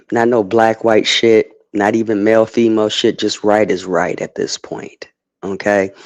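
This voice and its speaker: Male streamer, lowish voice, heated and emphatic, profane, close dry mic. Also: darkish tone, dry recording. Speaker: streamer giving commentary. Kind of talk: unscripted livestream rant.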